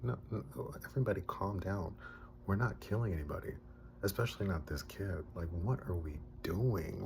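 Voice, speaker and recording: A man giving a casual, animated recap of a film, acting out the characters' lines as he tells it. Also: low voice, slight background noise. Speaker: film reviewer.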